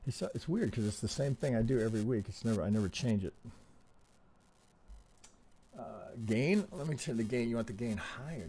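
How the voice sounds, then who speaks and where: A man's voice: on the low side, mellow, a little hiss or hum. A man hosting a trading live stream, talking casually and bluntly with frequent swearing, close to a desk mic. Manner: blunt and profane, thinking aloud while troubleshooting.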